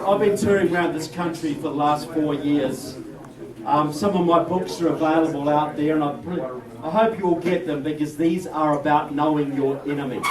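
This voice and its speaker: Man, new zealand accent, emphatic speech, slightly high voice, roomy far-off mic, crowd chatter. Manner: emphatic, jokey, addresses crowd as folks. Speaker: guest speaker. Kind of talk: political speech at an event. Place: indoor event room.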